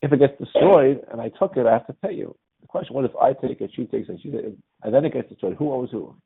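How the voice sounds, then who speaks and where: A man's voice: medium pitch, expressive, fast, creaky, husky. A man teaching a religious class in a conversational lecture style, often checking with his students by asking "right?". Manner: quizzes the class with frequent "right?". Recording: tinny phone-like audio.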